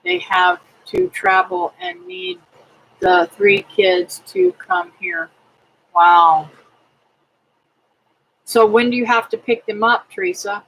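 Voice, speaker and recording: Slow, gravelly homey woman. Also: a little high, expressive, a bit bright, rough recording. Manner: slow, homely, prays aloud and reads viewer comments. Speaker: homestead livestream host. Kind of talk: casual livestream chat reading comments.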